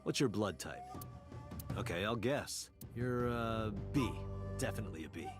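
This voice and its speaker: A man's voice: lowish voice, animated, moderate pace, over loud music, natural voice. A man voicing a cocky, blunt detective. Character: brash male police detective.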